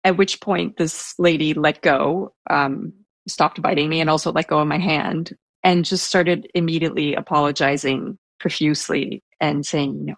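A soft-spoken woman recounts a story in a casual interview, her voice low-pitched and husky with a gravelly edge. She hesitates, restarts and leans on fillers, and the recording is close and dry. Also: fairly even intonation, normal speed, no echo. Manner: self-described introvert. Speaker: guest telling a personal story.

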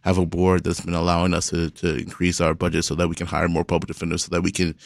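Low gravelly guy, public defender guest, explains things step by step. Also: completely flat delivery, dry recording, clean studio sound. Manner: measured, explanatory. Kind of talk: radio interview.

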